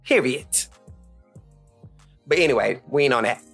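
A man's voice: expressive, a little slow, a bit bright, breathy edge, faint music behind. Heated, foul-mouthed man in his thirties. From Charlotte, North Carolina. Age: 30s. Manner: blunt, heated, cursing freely, swings pitch up for emphasis. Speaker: podcast host. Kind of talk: profane solo podcast rant.

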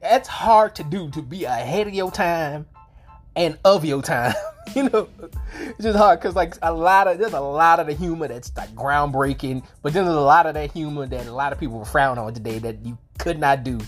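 Low-voiced woman with a sore throat. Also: normal speed, soft background music. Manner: rambling, swears freely, frequent restarts and laughs. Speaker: movie reviewer. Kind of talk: casual movie review.

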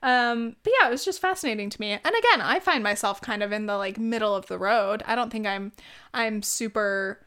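In a casual chat, this vlogger in her twenties rambles along with lots of "like," plenty of swearing, and frequent laughter. She has a mid-range voice, talks a little fast, and sounds bright, forceful, and clean.

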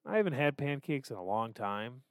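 In a casual confessional chat, a man co-hosting a podcast opens up about his struggles with candor and self-deprecation, cursing freely. He speaks animatedly and fairly quickly in a mid-range voice, with no echo.

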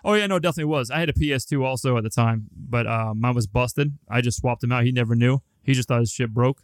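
A man's voice: mid-range voice, fast talker, clear, resonant tone, no echo. A young man co-hosting a podcast, telling a long, rambling, profane story in a casual, laid-back way. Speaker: podcast co-host.

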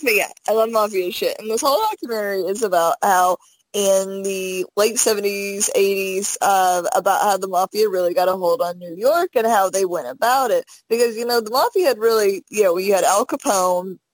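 A woman co-hosting a casual podcast chat, giggly and loose-tongued, swearing freely as she rambles along. Her voice sits at a middle pitch, recorded close and dry with no room sound. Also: moderate pace, no echo, low-quality recording. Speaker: podcast co-host.

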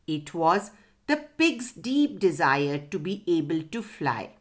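Slow, expressive woman telling a children's story. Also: on the low side.

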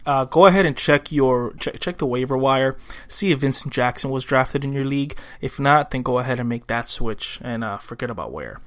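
A man's voice: medium pitch, lively intonation, a little fast, fairly bright tone. A man co-hosting a podcast, chatting casually and reading listener questions. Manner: conversational, reads listener mail. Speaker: podcast co-host. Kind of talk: casual chat.

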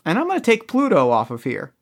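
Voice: mid-range voice, huge pitch swings, quick pace, creaky. A player in an escape-room game who thinks aloud, restarts sentences and jokes at their own expense. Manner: restless restarts, self-mocking.

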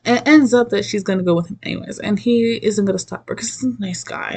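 An animated woman rants through a movie recap in a loose, casual way. Her talk is salted with swearing and she keeps slipping into the voices of the people she describes. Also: medium pitch, fairly quick, hardly any pauses, breathy edge. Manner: animated, profane, laughs often, acts out quotes.

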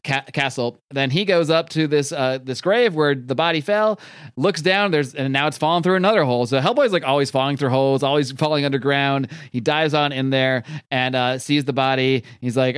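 A man casually recapping a comic book, loose and rambling with plenty of swearing. His voice is smooth and clear, and the sound is dry and close. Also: medium pitch, a little fast, a bit bright, no echo.

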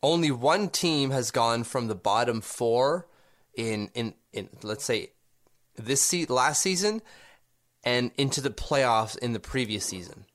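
A man's voice: mid-range voice, animated, measured pace, fairly bright tone. Man, podcast co-host, casual sports chat, argumentative, rhetorical questions.

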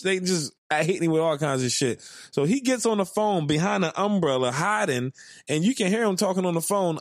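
A man's voice: high-pitched, animated, no echo. Profane laughing man, dry close sound. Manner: profane, laughs a lot, fast bursts. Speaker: podcast co-host. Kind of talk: casual chat.

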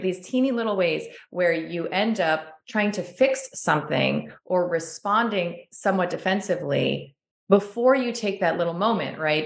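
A woman's voice: low voice, gravelly, echoey room. A woman hosting a podcast conversation, talking emphatically and often checking in with "right?". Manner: emphatic, searching, frequent "right?" tags. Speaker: podcast host.

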